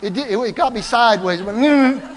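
An older man preaching a sermon, telling stories in an animated way and calling out to the congregation. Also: high voice, racing, big-room sound, noisy background. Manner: animated storytelling, calls out to the congregation. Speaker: pastor. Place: church.

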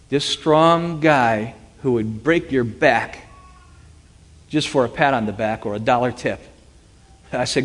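A man's voice: mid-range voice, unhurried. Man telling a dramatic story in a hall. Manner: animated, acts out quoted dialogue. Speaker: speaker giving a personal testimony. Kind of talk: dramatic first-person storytelling. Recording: long hall reverb.

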